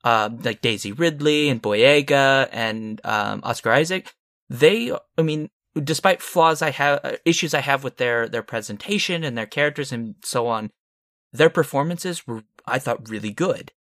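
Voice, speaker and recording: A man's voice: medium pitch, moderate pace, fairly bright tone, no room sound, clean studio sound. A man co-hosting a film podcast, giving frank opinions in a rambling, casual way. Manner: rambling, frank, with short laughs. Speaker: podcast co-host.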